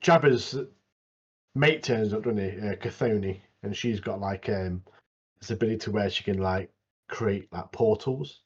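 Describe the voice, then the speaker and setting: Brief: husky man, slangy blunt co-host, muffled lo-fi sound. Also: fairly low pitch, moderate pace. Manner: blunt, slangy, chiming in with short agreements. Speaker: podcast co-host. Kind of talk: casual anime chat.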